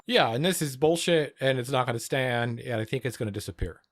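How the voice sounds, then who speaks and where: A man's voice: mid-range voice, fairly quick, fairly bright tone, a little hiss or hum. A man livestreaming, reacting to the news in a casual political rant, profane, rambling and sardonic.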